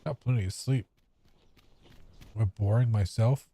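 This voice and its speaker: A man's voice: fairly low pitch, measured pace, warm tone, a little hiss or hum. A man giving casual, rambling commentary while playing a video game, offhand and sometimes profane. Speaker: gamer.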